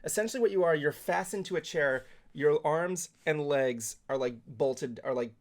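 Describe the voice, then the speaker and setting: A man's voice: a little high, normal speed. A man co-hosting a casual talk show, rambling with many filler words. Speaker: podcast co-host. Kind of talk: casual chat.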